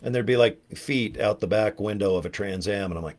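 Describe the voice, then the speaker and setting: A man's voice: lowish voice, fairly quick. A man in his fifties from California, telling rambling, joking stories in a casual monologue. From California, USA. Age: 50s. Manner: animated storyteller, chatty and jokey. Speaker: online marketer.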